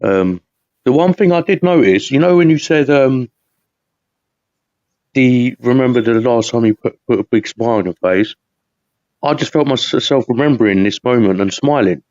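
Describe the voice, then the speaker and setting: A man's voice: mid-range voice, moderate pace, darkish tone, no room sound, dull audio. A man from the UK hosting a live podcast, rambling and chatty, laughing often. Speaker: podcast host. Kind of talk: casual live podcast chat.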